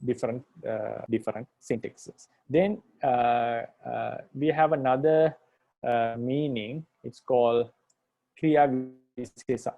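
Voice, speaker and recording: Mellow-voiced monk patiently teaching grammar. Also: male voice, mid-range voice, slow, gravelly, lo-fi sound. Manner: patient, repetitive, restates points with "right?". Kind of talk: explanatory lecture.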